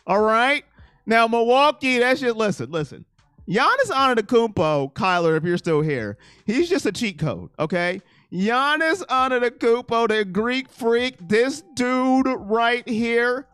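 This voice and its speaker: High-voiced excitable man ranting about sports. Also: clear, resonant tone, dry recording, clean studio sound. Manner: excitable, ranting, shouts then drops to a mumble. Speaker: live stream sports host. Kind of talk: casual live chat reading comments.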